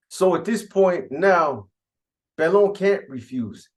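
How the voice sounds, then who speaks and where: A man's voice: high voice, animated, slow pace. Slangy male storyteller. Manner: conversational, slangy, addresses the audience directly. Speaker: host. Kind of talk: casual storytelling.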